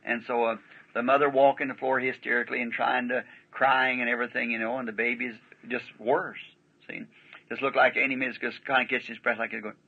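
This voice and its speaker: A man preaching, telling a story, dropping to hushed tones and then rising again. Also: mid-range voice, little pitch movement, brisk, breathy edge. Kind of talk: sermon storytelling. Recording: lo-fi old archival recording.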